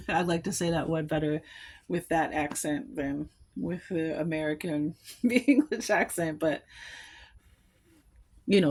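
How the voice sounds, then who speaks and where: A woman's voice: fairly low pitch, slow pace, long pauses. A woman giving a collective tarot reading, musing aloud and rambling, with small laughs between thoughts. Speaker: tarot card reader.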